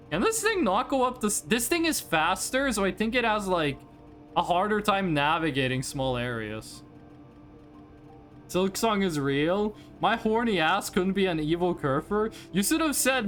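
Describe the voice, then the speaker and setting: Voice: medium pitch, very animated, unhurried, faint music behind. A streamer from Norway, a native Norwegian speaker, chatting casually and joking with viewers while playing a game. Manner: chatty, jokey, reacting loudly with laughs. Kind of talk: casual live-stream chat.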